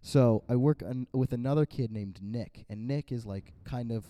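A man's voice: medium pitch, moderate pace, mellow, no room sound, studio quality. A young man co-hosting a podcast, telling a rambling story in casual chat with many "like"s and restarts. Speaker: podcast co-host.

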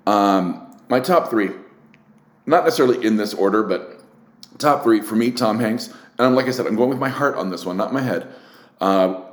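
A man hosts a casual solo show, talking frankly and rambling through restarts with plenty of swearing. His voice sits a bit low. The room around him rings with echo. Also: normal speed. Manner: candid, frustrated, getting worked up. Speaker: podcast host.

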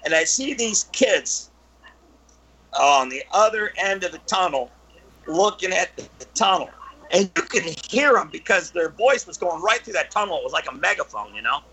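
High, gravelly, breathy-voiced man. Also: rough recording. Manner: halting, many fillers and restarts, animated when telling stories. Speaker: guest. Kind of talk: storytelling in casual chat.

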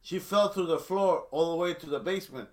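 A man's voice: on the high side, a little fast. A middle-aged man telling a long story in casual chat, rambling with many restarts. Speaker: storyteller guest.

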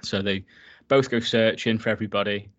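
A man's voice: lowish voice, fairly even intonation, fairly quick, fairly bright tone. A man casually recapping a horror film for his co-host, enthusiastic and swearing freely. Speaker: podcast co-host.

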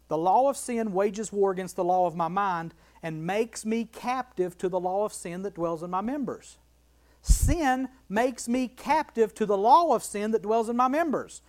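A Bible teacher leading a verse-by-verse study, emphatic, repeating key phrases and asking rhetorical questions. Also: mid-range voice.

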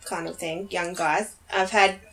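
A woman's voice: lowish voice, steady tone, a little slow, a bit bright. A woman co-hosting a podcast, chatting casually and laughing easily. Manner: giggly, easygoing. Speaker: podcast co-host. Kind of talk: casual chat.

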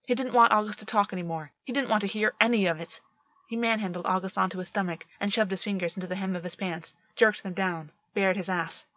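Female narrator, measured story reading, dry and dull recording. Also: medium pitch, fairly even intonation, fairly bright tone, no room sound. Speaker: reader. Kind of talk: scripted narration.

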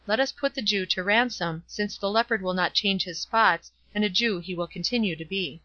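A woman reading the part of a burly, quarrelsome friar who blusters loudly and defiantly. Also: medium pitch, normal speed, no echo, muffled recording, close to an everyday voice. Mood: grudging.

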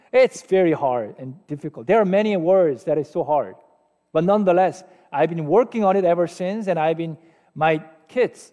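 A man's voice: on the high side, mellow. A man in his forties, a pastor with a Korean accent, preaching a sermon in a conversational, self-deprecating way and asking his listeners questions. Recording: long hall reverb.

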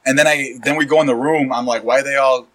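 A man's voice: mid-range voice, fairly even intonation, fast, fairly bright tone, rough recording. A man co-hosting a podcast, telling stories in casual, profane banter and acting out what people said. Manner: storytelling, profane, acts out quotes. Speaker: podcast co-host.

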